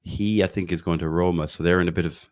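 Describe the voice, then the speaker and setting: Deep-voiced Irish man, rambling chat. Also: steady tone, fast talker. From Ireland, County Galway. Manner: rambling, self-correcting, enthusiastic. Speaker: podcast co-host. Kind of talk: casual football podcast chat.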